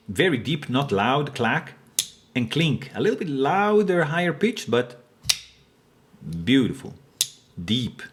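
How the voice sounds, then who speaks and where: An enthusiastic man walks through a product review in an unscripted, hesitant way. His voice sits at an average pitch, close to the mic. He keeps praising details between frequent fillers. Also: sing-song, slow pace, long pauses. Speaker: knife reviewer.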